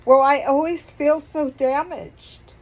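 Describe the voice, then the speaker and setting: A middle-aged woman vlogging, halting and apologetic, crying as she speaks. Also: high voice, steady tone, poor audio. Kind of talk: emotional personal vlog.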